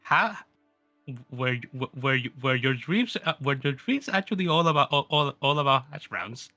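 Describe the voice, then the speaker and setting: Bright-voiced, stammering man. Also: medium pitch, expressive, moderate pace, no echo, faint music behind. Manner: stammering, many restarts. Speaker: tabletop role-play player. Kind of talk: in-character role-play chat.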